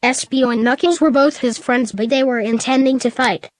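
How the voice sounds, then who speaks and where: A woman's computer voice reads out a comic story, high-pitched and mechanically even. The sound is dry and close, with no room around it. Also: brisk, dry recording. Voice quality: synthetic, flat text-to-speech reading. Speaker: narrator. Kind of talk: synthesized storybook narration.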